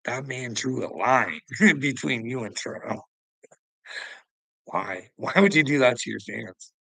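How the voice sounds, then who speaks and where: A man's voice: medium pitch, animated, slow pace, gravelly, long pauses, sharp tone, no room sound, low-quality recording. A middle-aged man hosting a livestream, rambling in casual chat, laughing often and swearing as he talks to viewers. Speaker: livestream host.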